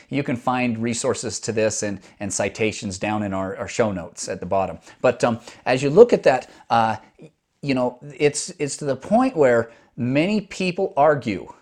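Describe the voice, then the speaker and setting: A man's voice: medium pitch, darkish tone. A man hosting a podcast, a doctor explaining things step by step in a conversational monologue with frequent restarts.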